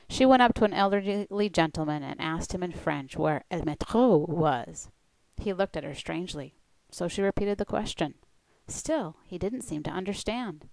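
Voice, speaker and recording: Woman, language coach, scripted presentation; low and a touch gravelly, dry close recording. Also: darkish tone, no echo, low-quality recording. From United States.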